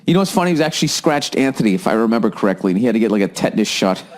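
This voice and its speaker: A man's voice: lowish voice, very animated, racing. A man hosting a podcast, telling a rambling, profane comedic story in a casual monologue. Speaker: podcast host.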